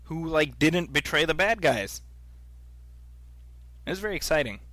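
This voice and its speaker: A man from Saudi Arabia co-hosting a movie podcast, joking and telling animated stories in casual chat. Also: fairly high pitch, unhurried, no echo. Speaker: podcast co-host.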